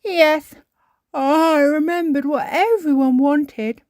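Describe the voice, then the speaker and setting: A woman voicing a bubbly, slightly bossy little girl piglet in a high, excited child voice for a storybook reading. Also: slow, no room sound, clean studio sound, full character voice. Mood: cheerful.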